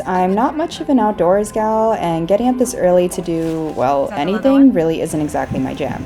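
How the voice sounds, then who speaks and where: A young woman tells her travel vlog in voice-over, dry and self-deprecating. She pokes fun at herself in an easy, level voice. Upbeat music plays clearly underneath her. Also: on the low side. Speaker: travel vlogger. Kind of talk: voice-over narration. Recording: background music under narration.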